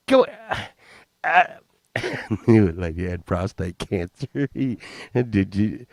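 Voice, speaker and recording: A man in his fifties telling a rambling, profane childhood story, excitable and often laughing. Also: on the low side, slow pace, no room sound, lo-fi sound. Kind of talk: casual anecdote telling.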